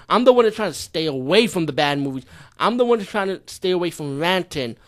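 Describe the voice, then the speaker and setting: Profane, exasperated male movie reviewer. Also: on the high side. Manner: profane, exasperated, incredulous, swings from loud outbursts to muttering.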